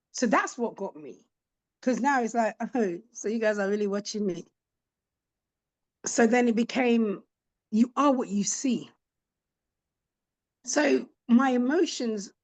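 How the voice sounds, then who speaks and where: Middle-aged woman, podcast guest, candid and animated storyteller, fairly high voice. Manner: animated, acts out quoted voices of her children.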